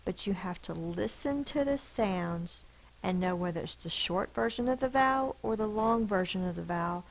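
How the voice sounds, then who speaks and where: A woman's voice: medium pitch, animated, normal speed, gravelly, low-quality recording. A woman teacher giving a spelling lesson to children, sounding out letters and syllables one by one.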